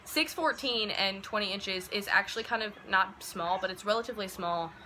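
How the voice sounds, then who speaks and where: A woman of about twenty telling a personal story in a casual, chatty way, with many "like" and "um" fillers, and acting out quoted lines in a lively, animated way. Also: mid-range voice, normal speed, a little hiss or hum, low-quality recording. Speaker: vlogger.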